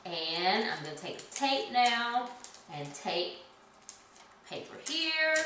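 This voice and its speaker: Woman music teacher, bright and unhurried, filmed in a very echoey room from far off with background hiss. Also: fairly high pitch, big pitch swings. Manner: cheerful and slow, chants rhythm syllables. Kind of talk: children's music lesson. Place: indoor room at home. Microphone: camera some distance away.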